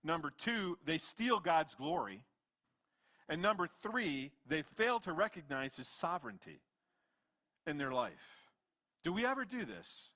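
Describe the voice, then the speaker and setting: Pastor guy preaching, bright voice, gets loud then drops real quiet. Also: unhurried. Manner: swings from loud, animated retelling to low, quiet asides. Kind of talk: sermon. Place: church sanctuary.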